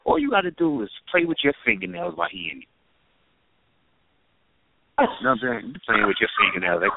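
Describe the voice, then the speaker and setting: A man's voice: medium pitch, huge pitch swings, brisk, long pauses, a little hiss or hum. A man co-hosting a casual talk show, joking and boasting in crude banter. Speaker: co-host. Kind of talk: casual chat. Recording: dry, tinny phone-like sound.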